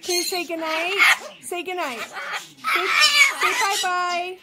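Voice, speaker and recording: Very high-voiced woman cooing to birds. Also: steady tone, normal speed, very noisy. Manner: coos in baby talk to her birds. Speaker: pet owner vlogger. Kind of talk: casual chat to camera and pets. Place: dim indoor bird room at night. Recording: loud bird squawks throughout. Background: loud squawking birds.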